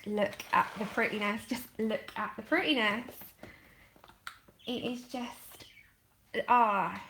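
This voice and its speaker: A woman hosting a casual colouring livestream, gushing and excitable, laughing often and trailing off mid-sentence, heard from a camera set back from her desk. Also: fairly high pitch, slight background noise. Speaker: colouring channel host. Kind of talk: casual livestream chat while unboxing.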